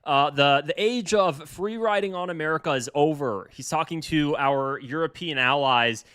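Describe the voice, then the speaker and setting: A man's voice: on the high side, normal speed, few pauses, a bit bright, clean tone. A man giving heated political commentary on a news clip, often repeating himself and restarting his sentences.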